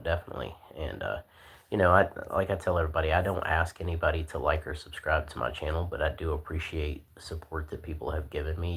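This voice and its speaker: A man hosting a casual livestream, talking in a laid-back, soft-spoken way with lots of fillers. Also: a bass voice, gravelly, slightly rough. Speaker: livestream host.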